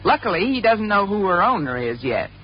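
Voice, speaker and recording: An actress playing a sarcastic, wisecracking woman schoolteacher in a 1950s radio sitcom, quick with quips and a little flustered. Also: medium pitch, big pitch swings, a little hiss or hum, natural voice. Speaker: English teacher. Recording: dull old radio recording with studio audience laughing.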